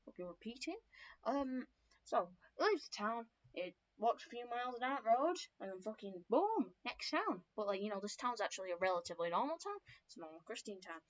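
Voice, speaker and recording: This young woman's voice is a little high, sing-song and brisk, heard on a dull lo-fi recording. Swearing often, she rambles casually through her own story lore, full of fillers and self-corrections.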